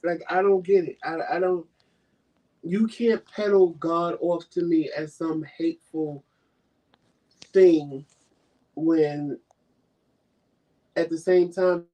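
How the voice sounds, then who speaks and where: Co-host in a chat, pushing points with "come on now" style questions, mid pitch. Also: fairly even intonation, slow pace, pauses often, dark tone, low-quality recording. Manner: emphatic, rhetorical questions. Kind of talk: casual chat.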